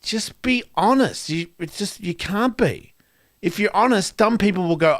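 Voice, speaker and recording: A man doing a profane stand-up rant, swinging between loud outbursts and quiet asides. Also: sits high, normal speed. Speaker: comedian.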